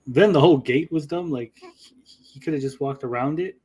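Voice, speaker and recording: A man's voice: fairly high pitch, brisk, darkish tone, breathy edge, low-quality recording. Blunt, profane male co-host. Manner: blunt and profane, mimics characters. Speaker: podcast co-host. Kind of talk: casual review chat.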